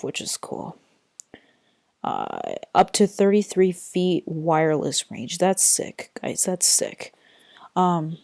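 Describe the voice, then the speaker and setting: Chatty young woman, low voice, dry. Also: a little mellow, no echo. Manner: chatty, rambling, many fillers and apologies. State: tired. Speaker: vlogger. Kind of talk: casual unboxing vlog. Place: bedroom. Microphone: built-in computer mic.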